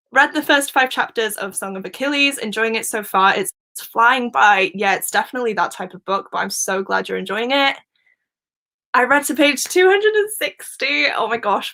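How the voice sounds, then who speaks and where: Bright chatty woman live-streaming. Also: a little high. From Wales. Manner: chatty, laughs often, reads out viewer comments. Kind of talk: casual live-stream chat.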